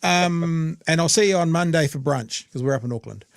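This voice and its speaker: A man's voice: on the high side, brisk, creaky, no room sound. Brief: New man, podcast host, emphatic conversational delivery, dry close sound. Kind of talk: casual chat.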